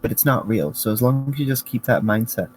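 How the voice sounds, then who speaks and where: A man's voice: medium pitch, animated, a little fast, a little mellow, soft background music, rough recording. A man playing a tabletop game, thinking aloud in an easygoing, casual way. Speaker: player.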